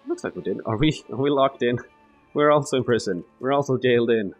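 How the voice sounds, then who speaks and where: A man's voice: mid-range voice, animated, a little fast, lo-fi sound, faint music behind. A man thinking aloud through casual gameplay commentary, rambling and swearing now and then. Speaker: let's play gamer.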